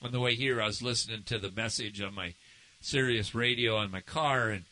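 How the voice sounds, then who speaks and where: A man's voice: on the low side, brisk, bright, forceful tone, low-quality recording. A man preaching a sermon as pastor, conversational and asking the congregation questions.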